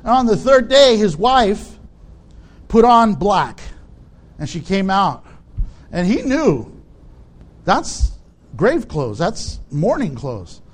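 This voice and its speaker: A man's voice: high voice, sing-song, slow, pauses often. A male pastor preaching a conversational sermon and asking his listeners rhetorical questions.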